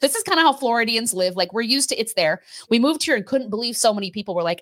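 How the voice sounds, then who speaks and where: Woman, faith podcast co-host, animated, laughs often, fairly high voice, lively swings in pitch. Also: quick pace, hardly any pauses, no room sound. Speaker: co-host of a faith teaching show. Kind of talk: casual faith talk with her husband.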